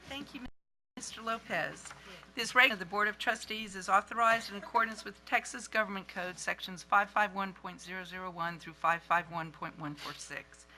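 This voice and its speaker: A man's voice: high voice, steady tone, normal speed, pushed and bright, poor audio. A man chairing a school board meeting, reading its rules aloud in a formal, procedural way.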